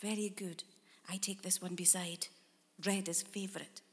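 A woman voicing a young foreign fairground girl who speaks eager, halting broken English. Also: lowish voice, flat delivery, in a large hall, close to an everyday voice. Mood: coaxing. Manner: coaxing, insistent.

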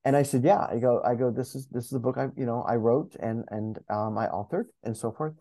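A man who coaches and speaks in public, telling a story as an interview guest, animated and acting out his inner voice, with many restarts. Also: medium pitch, a little fast, vocal fry. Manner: animated, acts out inner dialogue.

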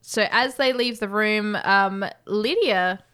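Bright-voiced woman recapping a film. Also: medium pitch, slow, clean tone. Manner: animated, acts out quotes, swears casually. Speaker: podcast co-host. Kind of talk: casual film recap chat.

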